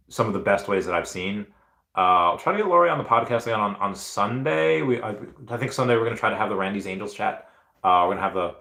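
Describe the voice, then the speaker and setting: A man with a fairly low voice hosts a casual livestream, chatting through viewer comments. He rambles enthusiastically and stops and restarts often. His voice rings out in a roomy, echoey space. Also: a bit bright. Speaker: livestream host. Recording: roomy echo.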